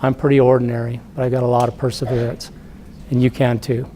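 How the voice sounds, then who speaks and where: A middle-aged man, an entrepreneur, giving a talk to students as an animated storyteller who acts out the voices. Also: medium pitch, fast, a little hiss or hum. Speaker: entrepreneur guest speaker.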